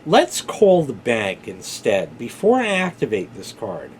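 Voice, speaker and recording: A man's voice: medium pitch, wildly swooping pitch, unhurried, a little hiss or hum. A man casually telling a rambling personal story, informal, with filler words and the odd swear. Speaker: vlogger.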